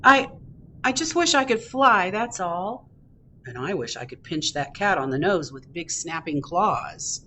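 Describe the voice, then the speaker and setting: A dreamy, longing storybook crab who sighs after the sky, as a woman reads it out, her voice climbing and falling in big swoops. The delivery is slow and theatrical, each wish stretched out. A faint hiss sits underneath. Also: fairly low pitch, animated, bright, forceful tone. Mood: wishful. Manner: theatrical, yearning.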